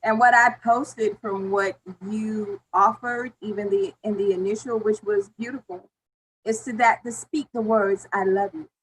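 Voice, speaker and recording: A woman moderating a panel discussion, speaking in a measured, affirming way. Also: mid-range voice, steady tone, a little hiss or hum, low-quality recording.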